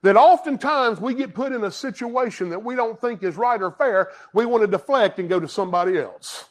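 A man who pastors a church, preaching a sermon with emphatic swings from loud declarations to hushed asides. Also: high voice, fairly quick. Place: church sanctuary.

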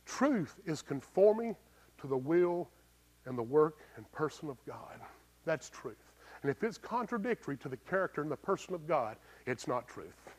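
A man preaching with a slightly raised pitch, his delivery swinging from loud, emphatic bursts down to hushed, low lines. He talks plainly and folksily, throwing rhetorical questions at his listeners. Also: big pitch swings, normal speed. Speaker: pastor. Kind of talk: sermon.

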